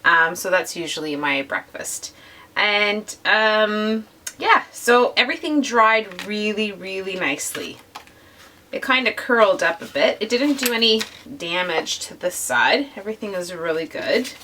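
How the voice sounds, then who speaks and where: A woman's voice: medium pitch, pushed and bright, far from the mic, slight background noise. A woman with a slightly nasal voice from a cold, chatting casually to viewers while she works on a scrapbook page. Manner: chatty and gushing, addresses viewers directly. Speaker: scrapbooking vlogger. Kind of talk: casual craft process narration.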